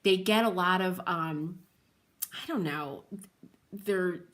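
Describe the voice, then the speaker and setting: Chatty bright-voiced woman livestream host. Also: fairly low pitch, takes it slowly. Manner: rambling, laughs often, addresses viewers by name. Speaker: host of a furniture painting livestream. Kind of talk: chatty livestream talk to viewers.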